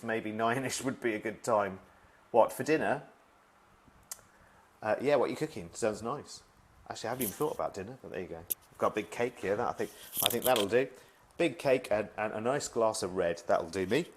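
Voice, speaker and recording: A middle-aged man chatting at home on a live video stream, reading out viewer messages in a friendly, self-deprecating way. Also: on the low side. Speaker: former shopping channel presenter.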